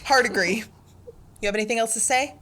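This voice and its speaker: True crime podcast lady going through the case details, steady and even. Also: a little high, slight background noise. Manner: measured, recounting case details. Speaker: podcast co-host.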